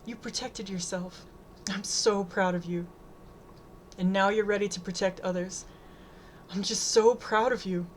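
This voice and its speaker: A woman's voice: medium pitch, steady tone, measured pace, long pauses, a little hiss or hum, close to an everyday voice. Woman voicing a firm, caring mother. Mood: tender. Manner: firm, then tender. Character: protective middle-aged mother, caring but firm.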